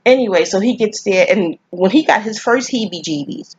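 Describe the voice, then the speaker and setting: A woman's voice: medium pitch, lively intonation, normal speed, a little mellow, husky, no room sound. A groggy woman from New York rambling through a movie review, profane and digressive. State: groggy, sleepy. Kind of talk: rambling casual monologue. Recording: slightly dull, dry recording.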